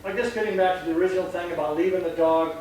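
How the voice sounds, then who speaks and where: A man's voice: high-pitched, very fast, a little mellow. A man working as a dog trainer, explaining casually and animatedly, often acting out voices mid-sentence. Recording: echoey room, distant mic, faint noise.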